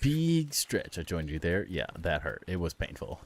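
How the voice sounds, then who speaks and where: A man's voice: low-pitched, sing-song, moderate pace. A man streaming a game live, chatting casually and joking back at his chat.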